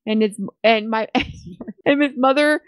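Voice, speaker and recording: Brief: high-voiced, animated woman podcast co-host, sarcastic and giggly, dry close sound. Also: slow pace, clean tone, no room sound. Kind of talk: casual movie chat.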